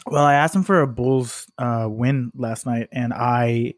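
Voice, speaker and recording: A man's voice: medium pitch, steady tone, measured pace, no room sound, studio quality. Laid-back swearing sports podcast guy. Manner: loose, swears often, laughs a lot, retells stories in put-on voices. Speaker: podcast co-host. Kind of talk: casual sports chat.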